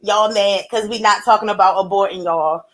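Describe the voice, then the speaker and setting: A woman's voice: medium pitch, fairly even intonation, normal speed, fairly bright tone. A woman co-hosting a live stream in casual chat, talking bluntly and with animation, swearing freely and laughing often. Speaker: livestream co-host.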